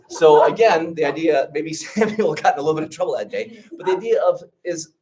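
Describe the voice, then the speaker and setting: A man leading an orientation talk, telling stories in an animated way and checking in often with his listeners. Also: on the high side, recorded from a distance. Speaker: trip leader and teacher.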